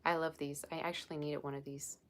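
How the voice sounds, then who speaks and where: A woman's voice: sits low, level tone, fast, heavy background noise. A woman hosting a casual tarot livestream, talking straight to her viewers in an effusive, gushing way, on a built-in device mic. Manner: effusive, gushing and emotional while unboxing gifts. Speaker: tarot reader livestream host. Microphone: built-in device mic, no proper microphone.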